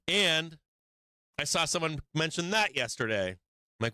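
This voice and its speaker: A man's voice: a little high, animated, moderate pace, bright, forceful tone, no echo. A man hosting a live stock market show, talking bluntly and profanely, hammering points through repetition. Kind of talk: livestream market commentary.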